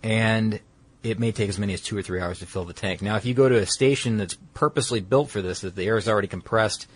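A man's voice: lowish voice, quick pace, husky. A man explaining a technology in casual conversation, rambling and correcting himself with many fillers.

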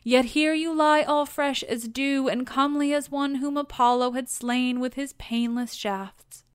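A woman's voice: sits high, fairly even intonation, a little slow, clear, resonant tone, dry recording, clean studio sound. A woman voicing an old queen mourning her son, speaking tearfully in a storybook reading. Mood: mournful. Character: old grieving queen mother.

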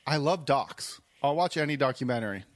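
A man co-hosting a casual podcast chat, relaxed and wry, telling stories. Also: medium pitch, fairly quick, no room sound. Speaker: podcast co-host.

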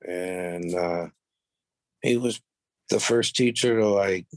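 A deep-voiced, slow-speaking middle-aged man recounts his history on a podcast in blunt, profane, conversational stories. He gets lively when voicing others' words, and the sound is dry.

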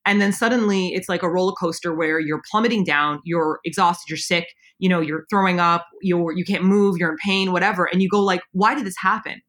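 A woman's voice: fairly low pitch, fairly even intonation, a bit bright. A woman in her thirties co-hosting a casual chat, talking about her own life and acting out what people say. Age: 30s. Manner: quick, chatty, acts out quoted thoughts.

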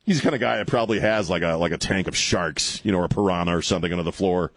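Brash male talk radio host, deep-ish voice, close dry studio mic, sardonic call-in rant. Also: very fast, dry recording. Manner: brash, mocking, laughs at his own jokes. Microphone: studio microphone.

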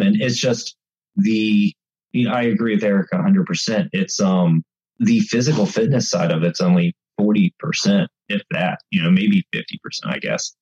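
A man telling casual stories about bike racing, acting out rider chatter with lively energy. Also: low-pitched, moderate pace, husky, lo-fi sound. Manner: animated, acts out race chatter. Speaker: bike racing guest commentator. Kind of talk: casual storytelling.

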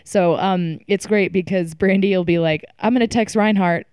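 A woman's voice: fairly low pitch, moderate pace, a little mellow, clear, resonant tone, no echo, clean studio sound. Playful woman chiming into a chat. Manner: teasing, playful interjections. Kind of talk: casual chat.

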